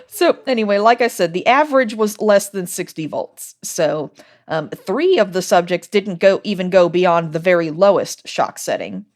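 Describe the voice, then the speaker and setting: A woman sits in as podcast host, walking through details in easy, relaxed chat. Her voice sits fairly low, and she breaks into laughter often between explanations. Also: normal speed.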